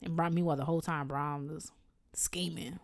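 A woman's voice: low voice, steady tone, fairly quick, no room sound, clean studio sound. A woman co-hosting a podcast in casual, slangy chat, laughing often. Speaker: podcast co-host.

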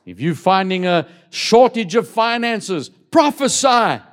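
A man's voice: high-pitched, sing-song. A man preaching a sermon in church, reading scripture aloud and urging the congregation to answer him. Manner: preaching with call-and-response, dramatic slow emphasis. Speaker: pastor.

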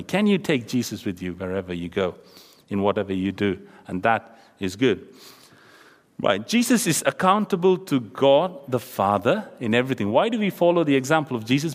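A man preaching a sermon to a youth audience, acting out quoted voices and sinking to a hush for emphasis. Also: medium pitch. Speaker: pastor. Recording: long hall reverb.

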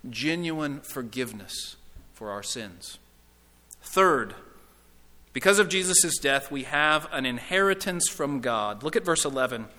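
A man's voice: mid-range voice, sharp tone. A man preaching a sermon with earnest, emphatic questions to his congregation. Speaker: pastor. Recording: reverberant hall.

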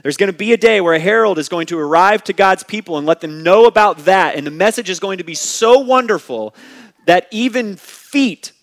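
A male pastor delivers a sermon in a voice a touch higher than most men's. He leans hard into key words, then drops to quiet, softer asides. He reads scripture and explains it in an emphatic preaching style. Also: expressive, brisk.

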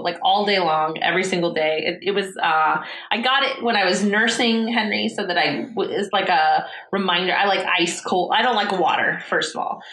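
A woman's voice: mid-range voice, a bit bright. A young adult woman co-hosting a podcast, chatting casually and rambling with plenty of fillers. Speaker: podcast co-host. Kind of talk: casual chat. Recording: roomy echo.

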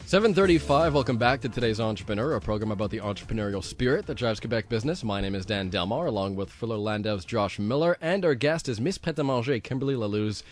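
A man hosting a radio business show, introducing segments and guests in a brisk announcer manner. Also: on the low side, expressive. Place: radio studio.

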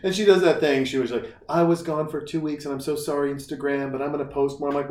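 A man's voice: on the high side, quick pace, hardly any pauses. A man co-hosting a casual podcast chat, telling stories animatedly and acting out what people said. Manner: animated storytelling, acts out quotes. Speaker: podcast co-host. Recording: echoey room, distant mic.

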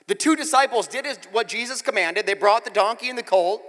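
A man in his forties preaching a sermon, telling stories and acting out scenes, swinging from quiet asides to loud outbursts. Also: sits high, brisk, hardly any pauses. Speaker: pastor. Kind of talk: sermon with storytelling. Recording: reverberant hall.

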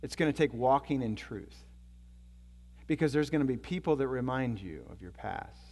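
A man preaching a sermon as a storytelling pastor, swinging from loud, excited passages to hushed, low ones. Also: moderate pace, big-room sound.

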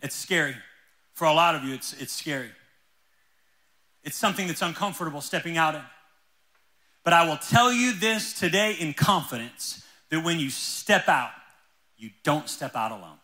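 A male pastor preaching a sermon in a church, telling stories with lively energy. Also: a little high, normal speed, pauses often, low-quality recording. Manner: energetic, animated storytelling.

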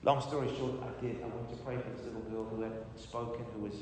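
A middle-aged man, a pastor, telling a testimony in a sermon with animated storytelling that swings from loud to soft. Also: mid-range voice, quick pace, slight background noise. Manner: animated storytelling, rising and falling in volume. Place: church hall. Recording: roomy hall reverb, distant mic.

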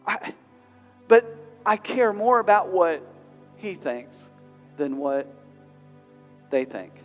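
A man preaching a sermon as pastor, emotional and building to loud, rising exhortation, with a Southern US accent. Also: high voice, big pitch swings, slow, soft background music. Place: large venue with long reverb. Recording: reverberant hall recording.

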